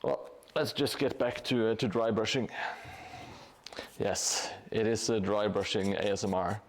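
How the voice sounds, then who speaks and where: A man's voice: on the low side, measured pace. A man live-streaming his terrain painting in a casual, hesitant way, with many fillers and restarts. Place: home hobby room above a gym.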